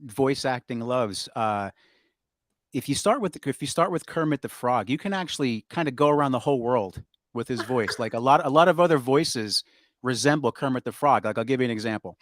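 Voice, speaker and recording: A man, a voice impressionist, being interviewed and explaining his craft in a relaxed way. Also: medium pitch, a little fast, slight background noise. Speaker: guest voice impressionist. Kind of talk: interview chat.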